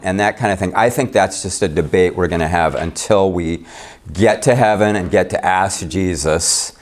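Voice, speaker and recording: A man leading a Bible study class, talking in a chatty, rambling way with easy humor about himself. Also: sits low. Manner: chatty, rambling, self-deprecating. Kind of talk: casual class discussion.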